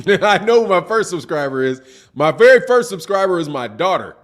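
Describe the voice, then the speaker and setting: High-pitched, animated boxing livestream host. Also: male voice, moderate pace. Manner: animated, teasing, slangy. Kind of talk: livestream commentary with chat shout-outs.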